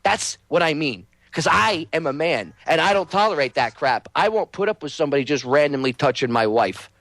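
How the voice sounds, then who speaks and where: A man's voice: a little high, expressive, brisk, no echo. A man hosting a show, delivering an angry, profane political rant. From United States. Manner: angry, shouting, profane and preachy. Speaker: host.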